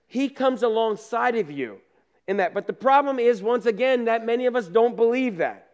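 A pastor with a high-pitched voice speaks at normal speed, turning his sermon into lively family stories and acting out each scene. He checks in with the congregation through casual asides and laughs at his own jokes.

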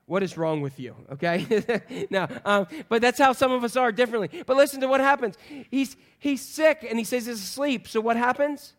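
A man preaching a sermon to a congregation in an animated, joking way, acting out voices of the people in the story. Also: very high voice, a little fast, hardly any pauses. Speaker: pastor.

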